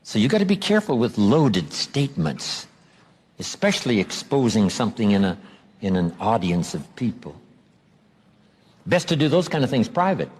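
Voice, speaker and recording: A man's voice: mid-range voice, big pitch swings, moderate pace, a little mellow, husky. A man giving a motivational seminar talk, emphatic, stretching out key phrases for drama. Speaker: motivational speaker.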